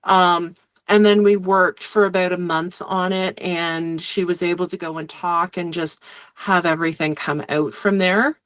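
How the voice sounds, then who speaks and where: A woman's voice: on the low side, steady tone, unhurried, a bit bright, no room sound. A woman guest who works as a medium and Reiki practitioner, recounting her sessions in a chatty, rambling way full of fillers. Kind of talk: casual storytelling in conversation.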